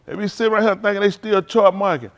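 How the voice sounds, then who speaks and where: A male pastor giving a playful sermon to his congregation, laughing and joking and then turning low and earnest. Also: fast. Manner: drops to a low, quiet earnest tone for counsel.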